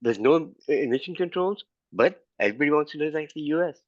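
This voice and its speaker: A man's voice: fairly high pitch, animated, fast talker, dry recording. A man speaks emphatically in an online class discussion, hammering his figures through repetition. His voice comes through dull and dry, as on a muffled video call. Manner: emphatic, repeats figures for effect. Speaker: class participant. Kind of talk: argumentative discussion.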